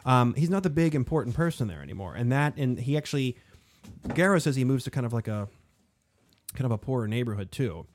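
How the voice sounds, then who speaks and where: A man hosting a casual history podcast, talking in an animated, rambling way with lots of fillers. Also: medium pitch, fairly quick, background noise. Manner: animated, digressive, frequent fillers. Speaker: podcast host.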